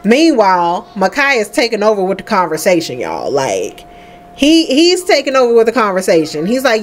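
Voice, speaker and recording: A woman's voice: medium pitch, normal speed, slight background noise. A woman hosting a life-sim let's play, chatting casually and laughing as she talks to her characters. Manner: chatty and animated, laughing often, talking to the sims. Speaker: gaming host.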